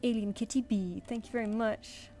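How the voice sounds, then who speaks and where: Woman, fairly high voice, casual artist streamer, mumbles as she works over soft music. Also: steady tone, normal speed. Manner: chatty, mutters and counts under her breath. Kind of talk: casual live-stream chat while drawing.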